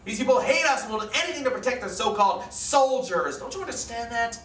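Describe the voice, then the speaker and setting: A man's voice: very high-pitched, lively intonation, fast talker. A man playing a harsh, hateful army captain who barks orders and bullies, in a stage play reading. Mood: furious. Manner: barking, bullying, shouting orders. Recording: echoey room, mic at a distance.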